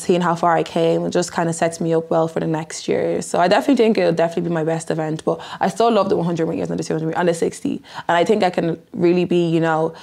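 Young Dublin-accented woman, twenties, low slightly gravelly voice, chatty interviewee. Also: darkish tone. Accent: Irish, Dublin. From Ireland. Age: 20s. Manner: chatty, lots of "like" fillers. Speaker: athlete interviewee. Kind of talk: casual interview talk.

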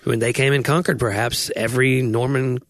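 A man's voice: medium pitch, fairly even intonation, a little fast, dry recording. A man co-hosting a casual comedy podcast, musing playfully and rambling. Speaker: podcast co-host.

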